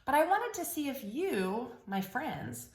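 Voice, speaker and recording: Woman, children's story reader, high bright voice, sing-song chanting, echoey room. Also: measured pace. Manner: sing-song, lively read-aloud with call-and-response chants; playful, encouraging teacher voice. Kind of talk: reading a picture book aloud to children.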